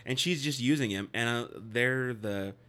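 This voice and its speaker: A man's voice: medium pitch, normal speed, sharp tone. A man co-hosting a podcast, recapping a movie in casual chat with a wry, sarcastic manner. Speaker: podcast co-host.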